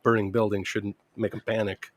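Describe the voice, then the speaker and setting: A man's voice: lowish voice, level tone, fairly quick, dry recording. A man co-hosting a casual chat, adding easy reflective comments. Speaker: podcast co-host.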